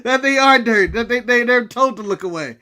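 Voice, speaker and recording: A man's voice: very high-pitched, animated, a little fast, bright, forceful tone. A man from the United States co-hosting a casual wrestling recap podcast, ranting and joking in a brash way. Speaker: podcast co-host.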